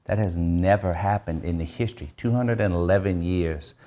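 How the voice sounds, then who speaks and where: Deep-voiced lawmaker, emphatic. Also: male voice, moderate pace, warm tone. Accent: American. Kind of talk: interview answer.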